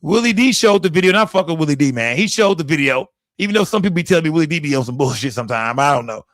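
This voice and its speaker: Texan livestream host, drawl, fairly high voice, loose and profane, close dry mic. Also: male voice, lively intonation, very fast, fairly bright tone, no echo. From Texas. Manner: loose, profane, talks straight to chat. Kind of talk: casual livestream commentary.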